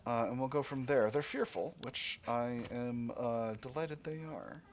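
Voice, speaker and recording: A man's voice: a little slow, a little hiss or hum. A man giving casual commentary while playing a strategy game, musing aloud with playful asides. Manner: musing, playful asides, sudden high squeals of delight. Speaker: strategy game let's-player. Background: game music.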